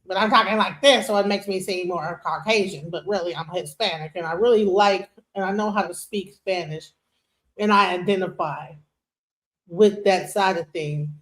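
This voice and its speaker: A woman hosting a reaction show, commenting in an animated, incredulous and emphatic way. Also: fairly low pitch, moderate pace. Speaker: host.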